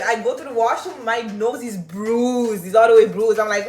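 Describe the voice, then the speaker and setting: A young woman, telling a story casually to her viewers in an animated, swearing manner and laughing often. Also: on the high side, a little fast, few pauses. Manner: animated, swearing, laughing, reading chat aloud. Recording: roomy with faint music.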